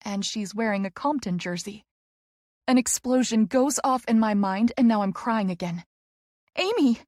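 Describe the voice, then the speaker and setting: A woman's voice: mid-range voice, moderate pace, a little mellow, no echo, studio quality. A woman narrating a first-person romance audiobook with emotional, breathless storytelling.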